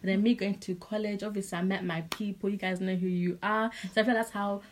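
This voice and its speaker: A young woman from Zimbabwe with a Zimbabwean accent, co-hosting a casual podcast chat. She talks candidly and tells stories with animated energy, in a mid-range voice. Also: medium pitch, fast, a little hiss or hum. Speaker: podcast co-host.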